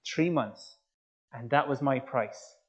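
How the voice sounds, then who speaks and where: Animated man telling his story. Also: mid-range voice, takes it slowly, slightly rough. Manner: animated storyteller, addresses audience directly. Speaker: speaker. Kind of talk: personal testimony talk. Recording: slightly muffled recording.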